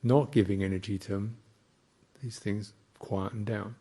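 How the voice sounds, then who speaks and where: Slow gravelly-voiced male meditation teacher. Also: on the low side, steady tone, warm tone. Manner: slow, reflective, with thoughtful pauses. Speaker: Buddhist monk teacher. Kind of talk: dharma talk.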